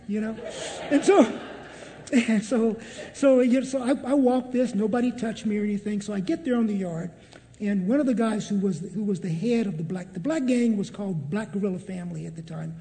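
A man's voice: sits high, creaky, warm tone, in a large hall. A man telling a personal faith testimony in a storytelling manner, often repeating what he said. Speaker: testimony speaker.

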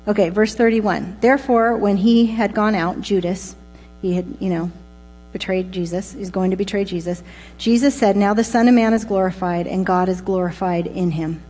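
A woman gives a relaxed, conversational sermon in a warm, mellow voice. Her words ring out in a hall with a long reverb, and a low mains hum sits underneath. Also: moderate pace. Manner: informal, with fillers and asides. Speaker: preacher.

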